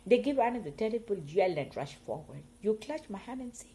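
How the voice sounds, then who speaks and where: A woman reading poems aloud, slow and expressive, her loudness swelling and fading with the lines. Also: medium pitch, a little hiss or hum, rough recording. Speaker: poetry reader. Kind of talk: poetry reading.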